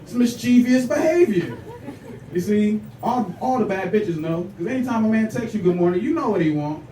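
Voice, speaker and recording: High-voiced man doing stand-up in an echoey club. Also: normal speed, a little hiss or hum. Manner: animated, teasing, talks straight to the crowd. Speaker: stand-up comedian. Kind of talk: stand-up comedy set. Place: comedy club stage with a live audience. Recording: echoey club room from far off, loud crowd laughter.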